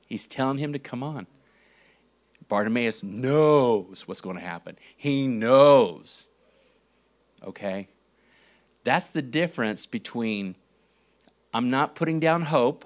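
A male preacher teaching from the Bible at a slow, unhurried pace. His delivery is deliberate, dropping low and quiet, then rising sharply for emphasis. Rhetorical questions break up the verse readings. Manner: slow and deliberate, with dramatic swings in pitch and volume; reads scripture verses aloud and asks rhetorical questions. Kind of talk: sermon teaching.

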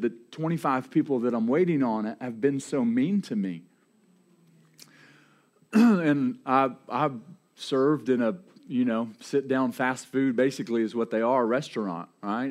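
Man, sermon storytelling, conversational, restarts and repeats words, mid pitch. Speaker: preacher.

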